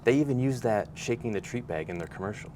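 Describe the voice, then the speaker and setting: A man co-hosting a podcast, talking in a relaxed, rambling way and laughing often. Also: mid-range voice, fast talker. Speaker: podcast co-host. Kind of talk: casual chat. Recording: noisy background hum.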